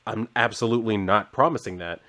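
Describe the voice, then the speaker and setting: A man's voice: lowish voice, fairly quick, pushed and bright. A man reading as an earnest young superhero son. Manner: plainly read aloud.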